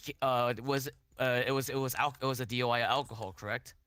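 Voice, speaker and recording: A man playing a defense lawyer in a role-play court, cross-examining a witness in halting phrasing with many restarts and repeated questions. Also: mid-range voice, fairly even intonation, a bit bright, clear, resonant tone, no echo.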